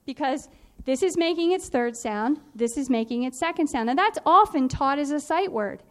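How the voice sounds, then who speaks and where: A woman teaching a phonics and spelling workshop, explaining in a clear, patient, instructive way. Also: high-pitched, lively intonation, moderate pace.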